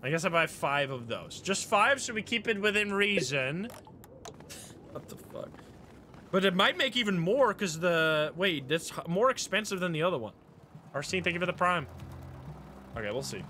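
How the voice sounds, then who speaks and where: A man streaming a video game live, commenting casually, swearing and getting excited, with game music playing behind. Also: moderate pace, a little hiss or hum. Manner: excitable, swears, jumps high when excited.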